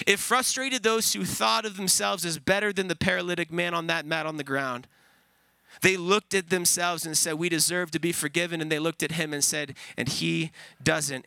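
A man's voice: on the high side, sharp tone, dry recording, low-quality recording. A man pastor preaching an earnest, emphatic sermon, repeating key phrases for weight.

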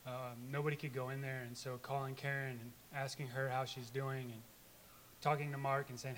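A man's voice: medium pitch, flat delivery, a little fast, fairly bright tone, slight background noise. A church member, a man, gives an earnest, informal testimony to the congregation, rambling with many restarts.

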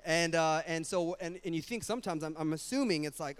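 A young adult man preaching a sermon in a casual, animated way, full of slang and quick asides. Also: on the high side, smooth. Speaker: pastor.

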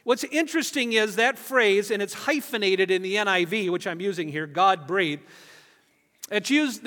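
A middle-aged man preaching a sermon as pastor, emphatic, stretching key phrases slowly. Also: sits high, bright, forceful tone. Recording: long reverb of a large hall.

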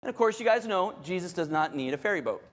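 Here the preacher's voice sits high, with lively intonation and a quick pace. He animatedly tells a story in his sermon, repeating phrases and addressing the congregation directly, all under long hall reverb.

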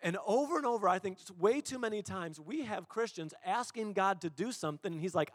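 Animated male pastor preaching in a hall. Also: high-pitched, a little fast, hardly any pauses, studio quality. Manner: animated storytelling, acts out quotes. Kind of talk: sermon.

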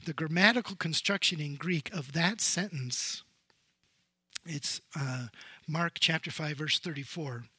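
A man pastor preaching a sermon, telling the story with animated swings from loud emphasis to hushed tones. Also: on the high side, measured pace, husky, no room sound.

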